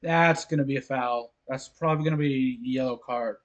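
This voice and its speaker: A man casually commenting on his own soccer video game, low-key and a bit sleepy, with sudden exclamations at plays. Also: brisk, dull audio. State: sleepy, yawning. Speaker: gameplay commentator.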